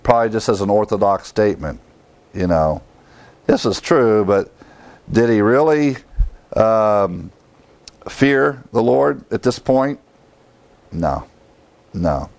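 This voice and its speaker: Male pastor giving a sermon, talks real slow, dry close sound, acts out quotes. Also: on the low side, lively intonation, gravelly, darkish tone, no room sound. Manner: slow, conversational preaching with acted-out quotes.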